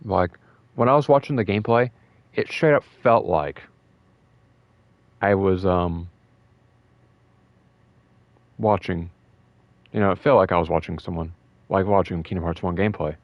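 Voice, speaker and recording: A young man talking in a casual, rambling way about a fighting game, emotional and excited, with many fillers and restarts. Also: low voice, unhurried, long pauses, dry recording, dull audio. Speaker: gaming video host.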